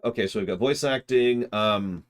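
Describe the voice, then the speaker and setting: A man streams a game and chats with his viewers, rambling as he works through puzzles aloud in casual livestream commentary. His voice is on the low side, at a moderate pace.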